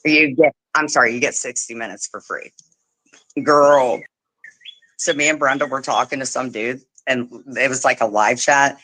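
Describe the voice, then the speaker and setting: A woman hosting a casual livestream chat, telling animated stories, swearing freely and mimicking the people she talks about. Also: very deep voice, moderate pace, no room sound, poor audio. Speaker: livestream host.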